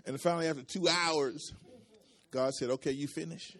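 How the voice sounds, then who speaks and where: This pastor speaks at a normal speed in a steady, slightly bright voice on the high side. During his sermon he repeats phrases and draws responses from the congregation, his intensity climbing and falling.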